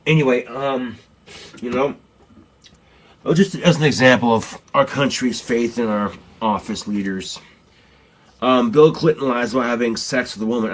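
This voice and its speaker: A man's voice: mid-range voice, fairly bright tone. A man ranting bluntly and profanely in a casual, rambling vlog.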